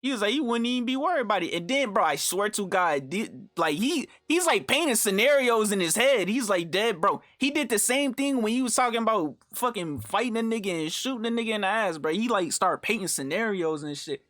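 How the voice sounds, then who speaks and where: A man's voice: animated, brisk, few pauses, fairly bright tone, no room sound, studio quality. A young adult man telling a rambling story in casual, profane slang and acting out the quotes. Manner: acts out quoted lines in swings of pitch. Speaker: storytime YouTuber. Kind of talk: casual storytelling over gameplay.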